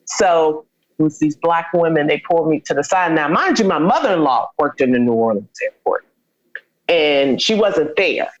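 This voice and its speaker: Speaking at a normal speed with lively intonation, a deep-voiced woman interview guest recounts a personal story warmly, acting out quoted dialogue. The recording has its highs cut off.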